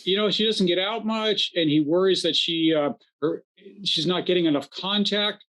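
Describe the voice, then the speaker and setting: A male rabbi speaks reflectively in a relaxed chat, his voice a little higher than most men's. He leans into gentle humor. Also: normal speed. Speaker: rabbi, co-host. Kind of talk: casual conversation.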